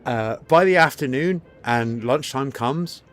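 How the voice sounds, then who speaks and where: A man's voice: medium pitch, a little slow, a bit bright, soft background music. A man streaming live, telling a rambling, profane story and lecturing his chat, repeating himself for emphasis. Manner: storytelling, preachy.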